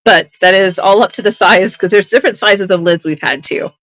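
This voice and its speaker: A woman's voice: mid-range voice, fairly quick, fairly bright tone, dry recording, low-quality recording. Chatty woman selling on a live auction stream. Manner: chatty and upbeat, with playful teasing asides. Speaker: live online auction seller. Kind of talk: casual live-sale patter.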